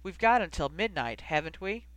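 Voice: mid-range voice, expressive, normal speed, no echo, natural voice. A storybook narrator voicing a blunt, hearty young man. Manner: hearty, then gentle at times.

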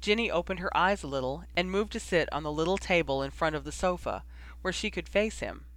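Bright-voiced male storyteller. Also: a little high, expressive, a little fast. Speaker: reader. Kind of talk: audiobook narration of fan fiction.

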